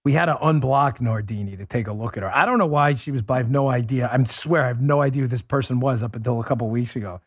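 A man's voice: medium pitch, fast, hardly any pauses, no room sound, clean studio sound. A male podcast host giving political commentary in a sarcastic, mocking and emphatic way.

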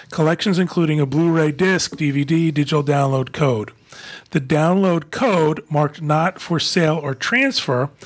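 A man with a fairly high, husky voice reads the news segment of a podcast. He slips into a deliberate announcer delivery. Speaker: podcast co-host reading the news. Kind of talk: reading news aloud.

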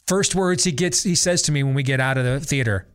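A man's voice: a little high, fairly quick. A middle-aged man hosting a talk show, giving a sarcastic, exasperated and emphatic rant about a film. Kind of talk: opinionated movie-review rant.

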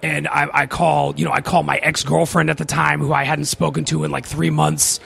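A man's voice: fairly high pitch, level tone, a little fast, creaky, a bit bright, breathy edge. A man telling a long personal story in casual podcast talk, rambling and swearing, with many fillers.

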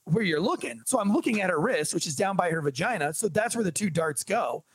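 A man who is a police officer, telling a story on a podcast in a casual, animated and joking way. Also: high-pitched, a little fast, gravelly, husky, no room sound. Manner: animated, jokey storyteller, acts out dialogue.

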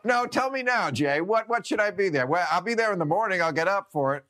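A man's voice: high voice, animated, fairly quick, sharp tone, a little hiss or hum. A man hosting a talk show, teasing his guest and laughing often.

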